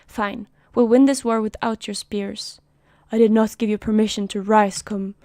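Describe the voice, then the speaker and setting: A woman's voice: medium pitch, little pitch movement, moderate pace, mellow, no echo, studio quality, natural voice. A woman voicing a proud, defiant female commander who speaks curtly and gives orders. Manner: curt, commanding.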